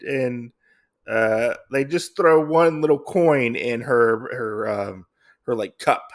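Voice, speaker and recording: Gravelly man rambling through a comic recap. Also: mid-range voice, expressive, slow pace. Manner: rambling, lots of fillers and restarts. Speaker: podcast host. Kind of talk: casual comic book recap.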